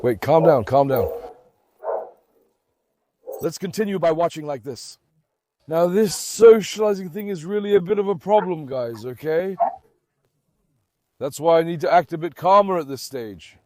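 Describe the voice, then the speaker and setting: Excitable high-voiced man scolding dogs. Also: unhurried, pauses often. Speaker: dog owner and channel host. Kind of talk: casual vlog commentary. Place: outdoor garden with dogs.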